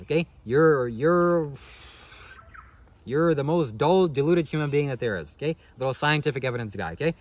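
A man's voice: a little high, darkish tone. A man giving a rambling motivational monologue to camera, constantly asking himself questions and checking in with "okay?". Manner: fast-talking, rhetorical questions, frequent "okay?". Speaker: spiritual vlogger.

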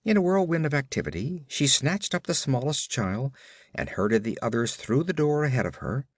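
Male audiobook narrator, dramatic and expressive, mid pitch, dry studio sound. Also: no echo.

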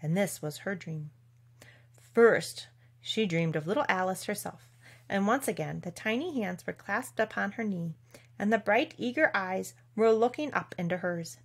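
A woman reading a classic children's story aloud in a measured, expressive narration. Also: mid-range voice, breathy edge. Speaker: audiobook reader.

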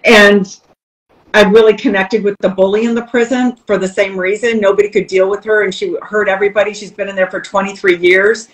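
A woman's voice: medium pitch, a little fast, low-quality recording. Lady coach on a podcast, storytelling, bounces around acting out the people she quotes. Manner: lively, acts out quoted voices, laughs while telling. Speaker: podcast guest, transformational coach. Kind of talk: candid storytelling in conversation.

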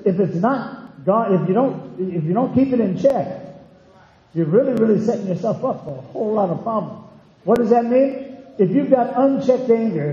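A man's voice: sits high, dark tone. A man preaching a sermon as pastor in a church, folksy and conversational, telling homey stories. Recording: dull echoey hall recording.

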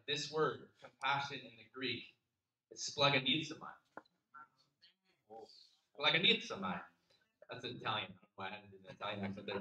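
A man's voice: on the high side, bright, forceful tone, dull audio. Earnest male pastor in a roomy church. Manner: conversational, earnest, repeats words as he thinks. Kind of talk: sermon. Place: church sanctuary.

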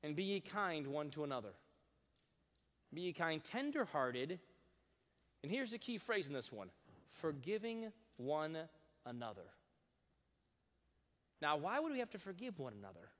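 A male pastor preaching in an animated way and reading scripture aloud with emphasis. He has a slightly high voice and coaxes his listeners to repeat phrases back to him. His voice rings out with a long reverb from a large church hall. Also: normal speed, long pauses. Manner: reads scripture in old-fashioned wording with rising emphasis. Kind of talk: sermon.

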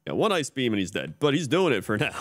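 A male streamer giving laid-back, wry live commentary on his own game play. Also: medium pitch.

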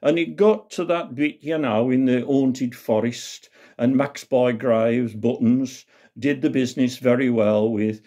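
A man's voice: medium pitch, fairly even intonation, measured pace, warm tone. A man with a Black Country accent telling a comic tale in a folksy, dialect-rich way. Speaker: storyteller. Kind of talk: comic storytelling.

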